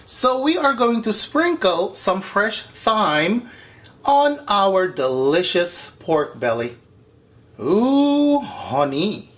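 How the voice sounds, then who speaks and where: A man's voice: high-pitched, big pitch swings, slow, a bit bright. A man hosting his own home cooking vlog from his kitchen, flamboyant and sassy, calling viewers "honey" and "baby" and breaking into frank rants. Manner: frank, ranty asides to viewers. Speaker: home cooking show host. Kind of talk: casual cooking vlog to camera.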